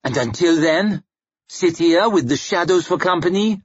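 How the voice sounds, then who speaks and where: A man's voice: fairly high pitch, lively intonation, moderate pace, husky, no room sound, pitched above the performer's own voice. A man voicing a fierce, bitter woman warrior who speaks in a harsh, accusing way. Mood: scornful. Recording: dry muffled recording.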